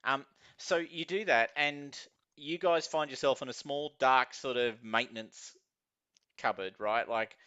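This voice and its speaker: A man's voice: mid-range voice, unhurried, pushed and bright, clean tone, no room sound. A man running a tabletop game as game master, rambling with many fillers and laughs, on a dull, lo-fi recording.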